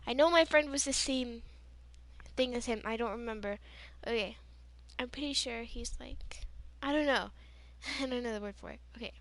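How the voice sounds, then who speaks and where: A woman's voice: a little high, moderate pace. A teenage girl telling a rambling, giggly story in a casual chat, full of "like" and "you know.". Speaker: gaming channel host.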